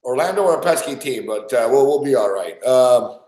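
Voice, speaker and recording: A sports betting podcast host with a mellow, medium-pitched voice and lively intonation rants a little fast about his bets, cursing heavily out of frustration. It's casual betting talk with a roomy sound.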